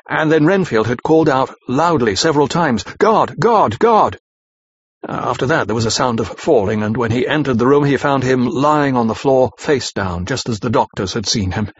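A man narrating a classic novel in a measured, even reading. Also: medium pitch, slightly rough, no room sound. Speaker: audiobook narrator. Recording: slightly dull lo-fi recording.

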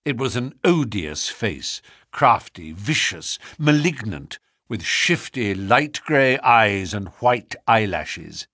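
Brief: male narrator, measured and expressive, dry studio read. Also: on the low side, no echo. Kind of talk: audiobook narration.

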